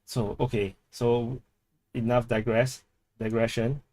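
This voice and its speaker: A man with a Singaporean English accent hosts a live stream and talks loosely to his viewers. He repeats words as he goes and laughs a lot. His voice sits at an ordinary pitch and sounds dry and close. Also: flat delivery, takes it slowly, a little mellow, no echo. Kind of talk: casual live stream chat reading comments.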